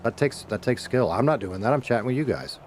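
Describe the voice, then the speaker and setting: A middle-aged man chatting with his viewers while he plays, in a loose, meandering way, often swearing and going back to fix what he just said. His voice sits at an ordinary pitch, with a faint hiss of noise behind it. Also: lively intonation, fast, darkish tone. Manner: rambling, self-correcting, swears casually. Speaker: streamer. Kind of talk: casual chat while gaming.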